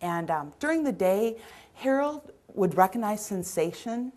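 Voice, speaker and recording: A middle-aged woman giving a caregiving seminar, telling stories from her work in an earnest, animated way. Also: medium pitch, unhurried. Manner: earnest, storytelling, acts out scenes. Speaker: dementia caregiving trainer. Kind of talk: seminar storytelling.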